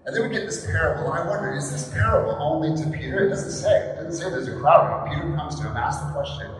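A man's voice: on the high side, lively intonation, fast. Man, pastor, conversational sermon, rhetorical questions, distant mic, very echoey room, faint background hum. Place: church service in a large echoing hall.

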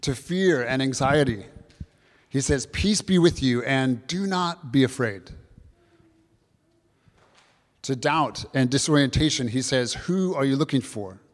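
A man's voice: medium pitch, normal speed. Male pastor, earnest sermon delivery, repeats phrases, long hall reverb. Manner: earnest, repetitive preaching, addresses kids and congregation.

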